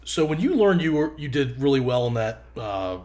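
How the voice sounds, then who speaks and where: An American man hosts a casual podcast interview, speaking at a middle pitch. He keeps to short prompts and clarifying questions for his guest. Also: sing-song, moderate pace, darkish tone, a little hiss or hum. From United States. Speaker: podcast host.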